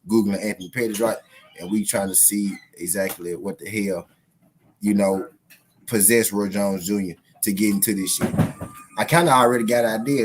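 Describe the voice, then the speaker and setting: On his laid-back boxing channel stream, this host reads a news article out loud, cusses without restraint and speaks straight to his audience. His pitch is fairly low, and there's a bit of background noise.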